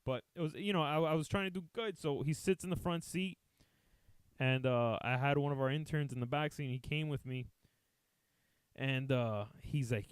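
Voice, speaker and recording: This man's voice sits at medium pitch with a clear, resonant tone, no echo, and a normal pace. Hosting a podcast, he spins a funny, foul-mouthed yarn, animatedly voicing each person's quotes and switching back and forth between Spanish and English.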